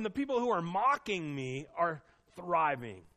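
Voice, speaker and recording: Earnest preaching man, slightly high voice. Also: sing-song, a little slow, hardly any pauses. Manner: earnest, swings from hushed confession to emphatic preaching. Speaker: pastor. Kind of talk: sermon.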